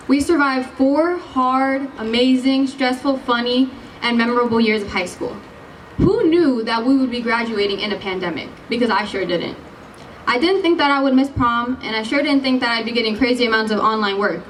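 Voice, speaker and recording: A late-teen class president gives her commencement speech in a fairly high voice, bubbly and giggly, and apologizes whenever she loses her place. The low-quality recording picks her up from far away with slight background noise.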